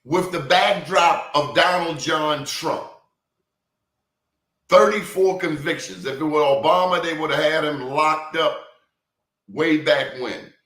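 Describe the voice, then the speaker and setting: A man hosting an interview, talking in an emphatic, deliberate way and repeating words for stress. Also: a little high, a bit bright. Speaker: interview host. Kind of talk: hard-hitting interview. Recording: roomy echo.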